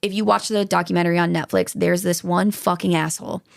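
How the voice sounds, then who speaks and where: A woman's voice: on the low side, fairly even intonation, quick pace, vocal fry, no echo, studio quality. A woman hosting a true-crime podcast, talking casually and getting worked up, swearing freely. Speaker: podcast host.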